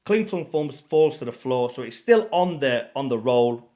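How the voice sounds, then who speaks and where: A man's voice: mid-range voice, normal speed. Blunt man telling a wild story. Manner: animated, blunt, swears freely, acts out moments. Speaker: vlogger. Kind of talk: casual storytelling to camera.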